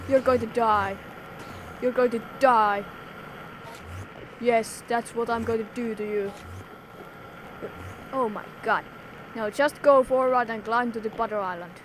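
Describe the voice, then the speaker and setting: A woman's voice: fairly high pitch, a little hiss or hum. A woman hosting a Minecraft let's play in a put-on, theatrical voice, scolding enemies and exclaiming dramatically, in slightly non-native English. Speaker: gaming video host.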